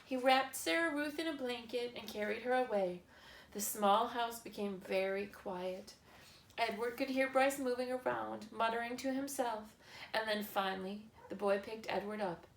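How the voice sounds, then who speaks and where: A woman narrating a children's novel chapter in a slow, measured reading style. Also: a little high. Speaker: audiobook narrator. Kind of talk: scripted narration. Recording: echoey room with faint ambience.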